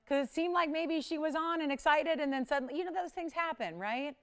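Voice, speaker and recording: A woman hosting a live jewelry shopping auction, chatting casually with viewers and crew and laughing often. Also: moderate pace. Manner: chatty, laughs often, lively swings in pitch and volume.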